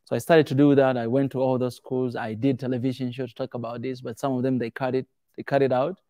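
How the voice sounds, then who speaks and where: A man's voice: medium pitch, fast talker, no echo, studio quality. Man telling stories to a small crowd. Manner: animated, acts out quoted voices. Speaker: speaker answering audience questions. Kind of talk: casual storytelling talk.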